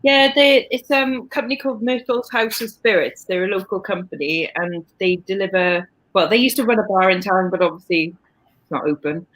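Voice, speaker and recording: A woman's voice: mid-range voice, fairly quick, a bit bright, rough recording. A Welsh woman from Wales hosting a casual livestream chat on a video call, rambling with lots of fillers. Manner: chatty, rambling, frequent fillers. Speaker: livestream host.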